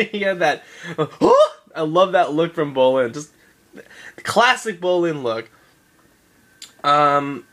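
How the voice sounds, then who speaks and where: A man's voice: fairly high pitch, a bit bright. A man giving a casual episode recap, rambling and swearing, often laughing. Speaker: show reviewer.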